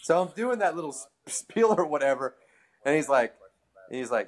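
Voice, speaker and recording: A man in casual storytelling mode, chatting with a co-host. He laughs often and switches into quoted voices as he replays a conversation. He is relaxed and talkative. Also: mid-range voice, normal speed.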